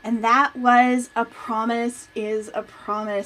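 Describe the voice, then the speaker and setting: A woman's voice: fairly high pitch, level tone, slow pace, fairly bright tone. A woman working as a museum teacher, hosting a children's storytime and lesson in an upbeat, friendly way that speaks to kids directly.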